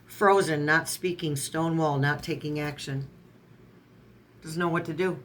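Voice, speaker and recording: Tarot reader, casual online reading, strings card keywords together, sarcastic asides, corrects own words, mid pitch. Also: steady tone, a little slow, a bit bright, a little hiss or hum.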